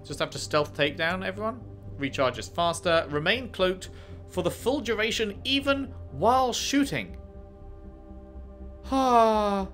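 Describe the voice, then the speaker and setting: A man's voice: sits high, lively intonation, normal speed, fairly bright tone, soft background music. A man giving casual let's-play commentary, chatty and playful, reading menus aloud and bantering with the game. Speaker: gaming commentator.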